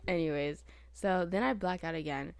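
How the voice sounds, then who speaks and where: A woman co-hosting a casual podcast, telling a rambling story in an animated way and swearing casually. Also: fairly low pitch, normal speed, gravelly, clean tone, dry recording. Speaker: podcast co-host.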